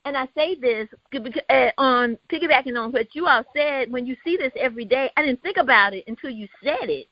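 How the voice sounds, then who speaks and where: A woman with a high voice tells a story in a casual panel talk. She is animated and quotes the people she talks about. The sound is dry and a bit dull and lo-fi. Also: brisk, hardly any pauses, no echo. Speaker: host. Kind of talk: casual discussion.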